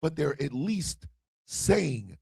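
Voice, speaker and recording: A man's voice: a little high, big pitch swings, slow pace, creaky, very noisy. A man hosting an internet radio livestream, delivering a fiery, emphatic monologue. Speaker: internet radio co-owner and host.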